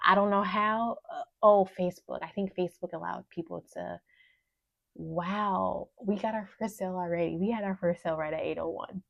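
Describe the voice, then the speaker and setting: A woman who runs a small business, talking casually and emotionally to her vlog audience, sometimes teary and soft. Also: on the low side, fairly even intonation, normal speed, gravelly, no echo, highs cut off. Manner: emotional, teary, talks softly at times. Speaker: small business owner vlogger. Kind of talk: casual vlog talk to camera.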